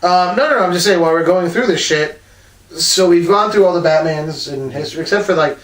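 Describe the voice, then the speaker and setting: A man's voice: fairly high pitch, fairly quick, a crowd in the background. A man co-hosting a casual podcast, talking animatedly and swearing constantly. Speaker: podcast co-host. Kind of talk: casual profane banter. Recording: roomy, distant mic.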